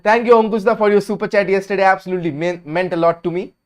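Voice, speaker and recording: A man hosting a live watch-along stream, giving casual, opinionated match commentary that swings between lively calls and low, sleepy mumbles. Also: quick pace.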